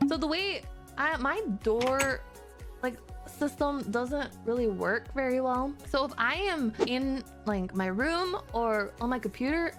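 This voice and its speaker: A woman streamer telling a story in a casual rant, animated and exasperated, swearing freely. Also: high-pitched, measured pace. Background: background music.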